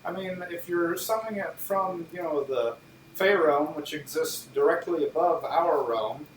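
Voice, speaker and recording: A man's voice: on the high side, measured pace, slight background noise, lightly acted. A man voicing an eager, curious male adventurer who speaks earnestly and a little hesitantly, in an echoey room.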